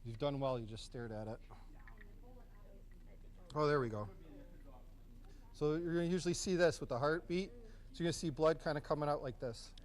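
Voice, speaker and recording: Casual high-voiced first aid instructor. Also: male voice, normal speed, pauses often. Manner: casual, encouraging, conversational. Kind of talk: hands-on first aid class.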